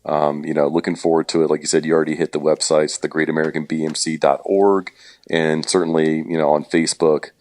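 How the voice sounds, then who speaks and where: Very deep-voiced casual man. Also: fast talker, dry recording. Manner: relaxed, joking, many fillers. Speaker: event organizer and guest. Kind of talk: casual podcast interview.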